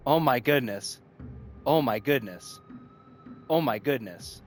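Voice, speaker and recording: A man hosting a gaming video in casual commentary, thinking aloud and breaking into repeated excited exclamations. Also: mid-range voice, takes it slowly, pauses often. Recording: faint music behind the voice.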